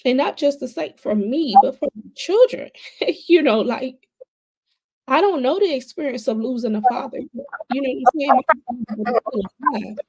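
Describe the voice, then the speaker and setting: A woman's voice: sits high, animated, moderate pace, a little mellow, husky, no room sound. A young adult woman speaking as a podcast guest, telling her personal story in a candid, conversational way and repeating phrases for emphasis.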